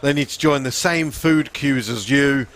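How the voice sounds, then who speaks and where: A man's voice: mid-range voice, unhurried, fairly bright tone. A man commentating a live motorsport event, chatty and joking in a laid-back way.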